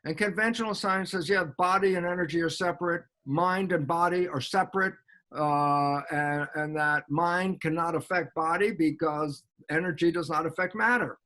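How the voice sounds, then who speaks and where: An older man explaining science in a lively lecture style, quoting sources and acting out both sides of an imagined dialogue. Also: on the high side, normal speed. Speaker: guest biologist.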